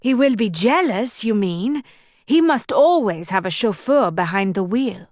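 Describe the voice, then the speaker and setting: A woman's voice: medium pitch, lively intonation, measured pace, darkish tone, dry recording, studio quality, lightly acted. A woman voicing a spirited, headstrong young heiress who coaxes and teases playfully. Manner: coaxing, playful.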